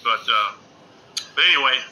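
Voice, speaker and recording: A middle-aged man talks casually to viewers on a home livestream, rambling and excitable, full of fillers. His voice is very bright and sharp. A faint noise sits under the recording. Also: medium pitch, normal speed, low-quality recording. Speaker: ghost-hunting live streamer. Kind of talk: casual live-stream chat with viewers. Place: indoors at home under a lamp.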